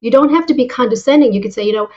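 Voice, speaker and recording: A woman being interviewed as a guest speaker, telling stories in a lively way and repeating words as she starts her thoughts. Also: high voice, racing, highs cut off. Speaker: guest, sales and leadership speaker. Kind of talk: interview answers with personal stories.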